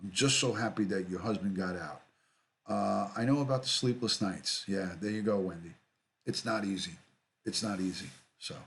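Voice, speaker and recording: A middle-aged man hosts a casual livestream, reading comments aloud and greeting viewers by name. His voice sits a little low, and he talks in an easygoing way, often saying things twice. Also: moderate pace. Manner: relaxed, repeats himself, greets viewers by name. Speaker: livestream host, retired detective.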